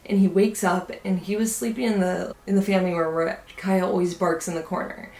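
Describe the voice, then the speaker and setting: A young woman telling a spooky story to her vlog viewers in a casual, animated way, acting out what people said. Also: lowish voice, fairly quick, few pauses. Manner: animated, acts out quotes, many "like" fillers. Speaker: vlogger. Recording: echoey room.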